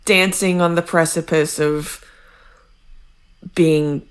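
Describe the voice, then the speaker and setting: A woman co-hosts a casual podcast recap, talking in a wry, chatty way. She takes her time, with an unhurried, easy pace. She laughs often as she goes. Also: deep voice, fairly even intonation. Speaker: podcast co-host.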